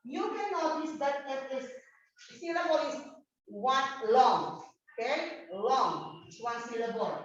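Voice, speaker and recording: Slow, patient woman teaching in a roomy class. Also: sits high, animated. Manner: slow, repetitive, checks understanding with "okay?". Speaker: English teacher. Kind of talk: grammar lesson to a hybrid class. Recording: dull roomy classroom recording.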